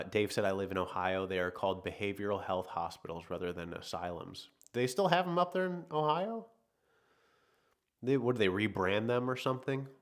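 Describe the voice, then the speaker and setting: A man with a deep, low voice hosts a casual livestream. He reads viewer comments aloud, then muses on them in a loose, rambling way and often second-guesses himself. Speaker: podcast host reading live chat.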